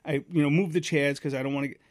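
A man in his thirties co-hosting a podcast, telling a story casually and acting out the voices loudly. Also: a little high, very fast, dry recording. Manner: animated, acts out quoted voices loudly. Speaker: podcast co-host.

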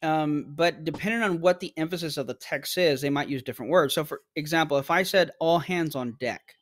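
A man's voice: fairly high pitch, brisk, a bit bright. A man as a podcast guest explaining ideas in casual conversation, using everyday examples. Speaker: guest apologist.

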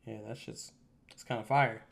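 A young man in casual chat, telling animated, profane stories and acting out the people in them. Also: medium pitch, normal speed, vocal fry. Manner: animated, profane storytelling with lively put-on quotes.

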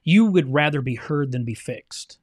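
A man's voice: a little high, animated, normal speed, darkish tone. Earnest man co-hosting a marriage podcast. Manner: earnest, often checks in with "right?". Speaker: podcast co-host. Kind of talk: casual faith-based marriage talk.

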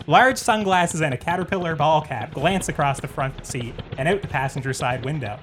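A man's voice: on the high side, animated, moderate pace, fairly bright tone, a little hiss or hum. Host, male, playful, mock-dramatic script reader. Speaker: podcast host. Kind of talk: casual chat and scripted narration.

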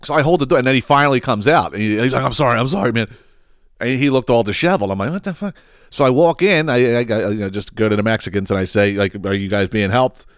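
A man's voice: mid-range voice, fast talker, few pauses, clean tone, no echo, studio quality. A man hosting a podcast, telling a rambling, profane story in a casual monologue and laughing as he goes. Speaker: podcast host.

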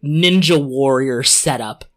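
A game master narrating a tabletop game in a descriptive, unhurried way with filler pauses. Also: medium pitch, fairly bright tone.

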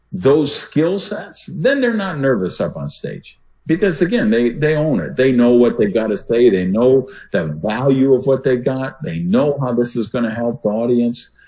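Older male speaking coach, podcast guest. Demonstrative, varies loudness for emphasis. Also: mid-range voice, low-quality recording. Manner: demonstrative, swings voice loud and soft for emphasis.

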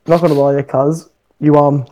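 A man hosting a loose podcast chat, telling stories in a rambling way and swearing freely. His voice sits slightly high for a man. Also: little pitch movement, moderate pace, a crowd in the background, poor audio. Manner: swears a lot, rambling with many fillers. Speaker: podcast host. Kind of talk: casual chat, storytelling.

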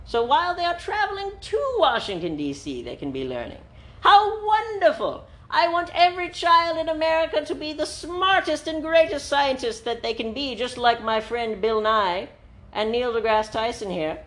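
Brief: woman podcast host, slightly high voice, playful and rambling, comedy banter. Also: big pitch swings, normal speed, a bit bright.

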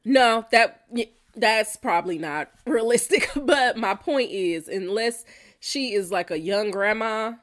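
A woman's voice: a little high, lively intonation, measured pace, fairly bright tone. A woman hosting a podcast, reacting bluntly and profanely to listener answers, often laughing. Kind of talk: casual reaction chat.

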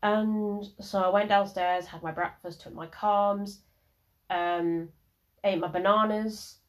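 A woman's voice: medium pitch, steady tone, slow. A young woman in her early twenties, hosting her podcast and telling a personal story in a frank, rambling way with lots of swearing. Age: early 20s. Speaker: podcast host.

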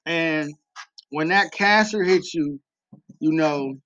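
Slow-talking high-voiced man, earnest. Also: bright, forceful tone. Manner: earnest, repeats key phrases for emphasis. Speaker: podcast host. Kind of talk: faith-based personal talk. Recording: slightly dull lo-fi recording.

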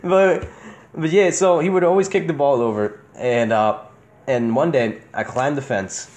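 A young man spins childhood stories in a casual podcast chat. He curses freely and keeps breaking into laughter. His voice sits at an ordinary middle pitch. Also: a little slow. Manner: laughs often, swears freely, animated storytelling. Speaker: podcast host.

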